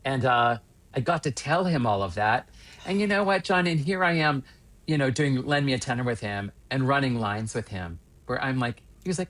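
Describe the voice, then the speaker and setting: A man in his fifties from Western Pennsylvania, a stage actor telling winding, animated anecdotes as a podcast guest. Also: medium pitch, moderate pace. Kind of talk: casual interview storytelling.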